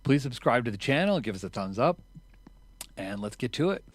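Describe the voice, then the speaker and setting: A man teaching drums in a relaxed, chatty way, explaining rhythms and counting triplets out loud as he plays. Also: mid-range voice, a little fast. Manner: counts triplets out loud over drumming, louder while counting; casual and chatty, with fillers. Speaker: drum teacher. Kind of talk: relaxed instructional talk.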